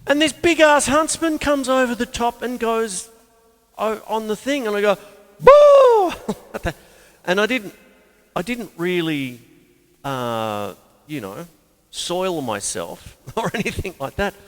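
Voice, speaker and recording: An older man, giving a casual spoken drum lesson, chatty and self-mocking with sudden loud exclamations. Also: high voice, animated, a little slow. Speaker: drum teacher. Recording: drum studio with long reverb and loud drums.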